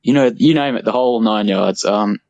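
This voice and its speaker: A man's voice: fairly low pitch, a little fast, gravelly, darkish tone, muffled recording. Young Australian man, rambling voice message. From Perth, Australia. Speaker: listener submission. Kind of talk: recorded voice message.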